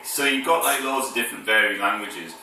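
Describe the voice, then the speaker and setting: A lower-pitched man with a northern English accent and a very bright tone rambles to camera in a casual vlog, hesitant, full of fillers and restarts, chuckling between phrases. He sounds set back from the mic in a very echoey room. A faint hiss sits under his voice. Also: a little fast, distant mic. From north of England.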